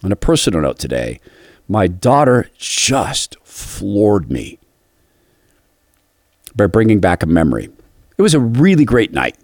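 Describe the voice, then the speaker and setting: A man's voice: on the low side, wildly swooping pitch, a little slow, pauses often, a little mellow, no echo, clean studio sound. A middle-aged man hosting a devotional radio talk, telling a personal story in an earnest, confessional way. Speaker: radio host.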